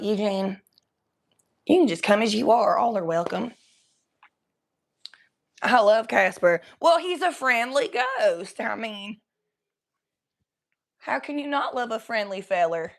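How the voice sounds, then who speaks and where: During a casual livestream chat, a young woman from Cincinnati, Ohio puts on a Southern drawl, rambling crudely. Her voice is high with vocal fry, and she coughs now and then.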